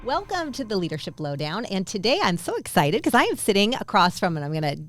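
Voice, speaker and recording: A woman hosting a business podcast, effusive and quick to gush with praise and excitement. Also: mid-range voice, over loud music. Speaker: podcast host. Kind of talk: upbeat podcast interview.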